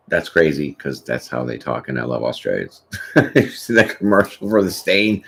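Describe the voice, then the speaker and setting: A man's voice: extremely low pitch, expressive, moderate pace, creaky, a bit bright, husky. A man hosting a tarot channel, chatting casually and rambling through a live question session, often tossing in "you know what I'm saying". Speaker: tarot reader host.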